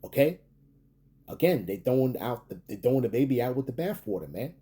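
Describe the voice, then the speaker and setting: A man's voice: medium pitch, big pitch swings, dark tone, breathy edge. A man preaching and commenting on scripture, repeating himself and ending lines with "man" and rising "okay?". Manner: halting restarts, emphatic rising tags. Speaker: street preacher.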